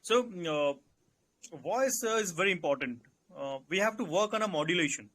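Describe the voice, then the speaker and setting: A man with an Indian English accent giving calm, instructive interview advice and repeating his key points. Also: sits high, moderate pace. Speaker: interview coach. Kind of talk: advisory Q&A session.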